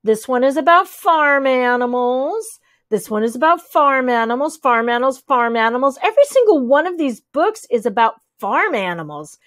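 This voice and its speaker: A woman's voice: high voice, normal speed, dry recording. Woman reading a children's story aloud. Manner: lively, switching voices for each character. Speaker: audiobook reader. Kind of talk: expressive children's book reading.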